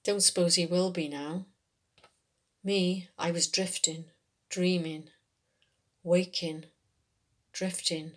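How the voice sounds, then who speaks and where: A woman reading a first-person short story, telling it in an unhurried, conversational way in a working man's dialect. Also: fairly low pitch, fairly even intonation, fairly bright tone. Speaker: story reader.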